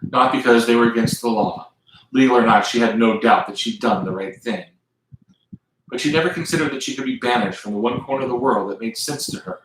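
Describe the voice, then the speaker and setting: A man's voice: medium pitch, fairly quick, heavy reverb, slight background noise, rough recording. A man with a Southern US accent reading aloud from his own book on a live stream, now and then stopping to chat with viewers. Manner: lively reader who stops to chat with viewers.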